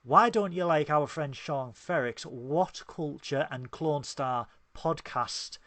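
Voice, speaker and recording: A man's voice: a little high, takes it slowly, fairly bright tone, dry recording. A man with a Northern English accent co-hosting a casual podcast, joking and plugging links and channels. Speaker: podcast co-host. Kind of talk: casual chat.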